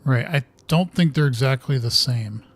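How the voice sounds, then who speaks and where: Man, gamer, casual let's-play commentary, muttering, thinking aloud, mid-pitched voice. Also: moderate pace. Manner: muttering, thinking aloud, reading in-game notes while playing. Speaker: gamer playing through a horror video game.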